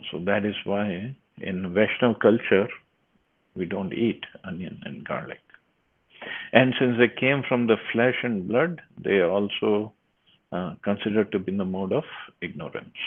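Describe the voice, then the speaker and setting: A man's voice: on the low side, measured pace, husky. A man giving a scripture class, reading verses and then explaining them with frequent restarts. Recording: tinny phone-like line.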